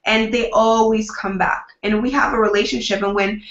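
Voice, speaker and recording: A woman's voice: mid-range voice, steady tone, normal speed. A woman publicist answering interview questions in an upbeat, chatty way, often acting out what she tells her clients. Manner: upbeat, chatty, acts out quoted dialogue. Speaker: publicist, guest. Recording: roomy, dull lo-fi sound.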